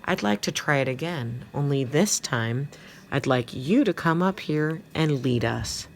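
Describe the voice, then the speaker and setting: A woman voicing a stern, brisk middle-aged female homeroom teacher in a storybook reading. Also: low voice, lively intonation, creaky, slight background noise, exaggerated voice. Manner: brisk, commanding.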